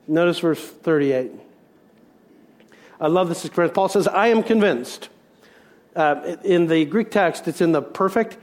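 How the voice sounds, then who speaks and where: A middle-aged man preaching with a fairly high voice, pressing his points through rhetorical questions. He then sinks into soft, reflective stretches. A pastor's sermon delivery throughout. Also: animated, unhurried.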